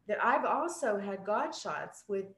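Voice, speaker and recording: A woman's voice: mid-range voice, lively intonation, a little slow, fairly bright tone. A woman in her sixties, a preacher, telling stories in a casual chat in an earnest, emphatic way. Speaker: preacher and podcast guest. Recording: roomy echo.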